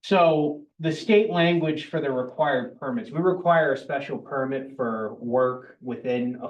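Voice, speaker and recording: A man's voice: mid-range voice, muffled recording. A man presenting regulation changes at a town board meeting, speaking plainly and matter-of-factly with the odd dry aside. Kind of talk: explaining regulations at a public meeting. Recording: roomy, distant public-meeting recording.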